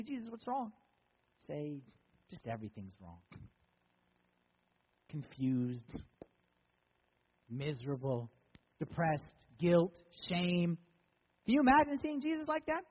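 A man preaching a sermon in a church, repeating key words for emphasis. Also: high voice. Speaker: pastor. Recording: dull, echoey church recording.

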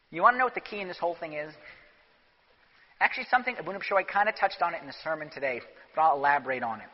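High-voiced animated male priest preaching. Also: quick pace, long pauses. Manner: animated and emphatic. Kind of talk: sermon. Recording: dull echoey church recording.

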